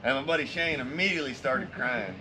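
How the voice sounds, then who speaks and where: A man's voice: mid-range voice, brisk, over a noisy crowd. A man casually telling a story to friends, swearing constantly in a laid-back drawl.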